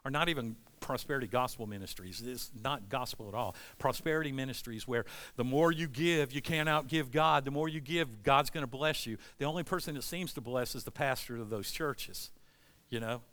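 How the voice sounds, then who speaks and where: A man's voice: medium pitch, brisk, fairly bright tone. A middle-aged male pastor preaching a sermon, impassioned and conversational, reading scripture and acting out what God and churchgoers might say.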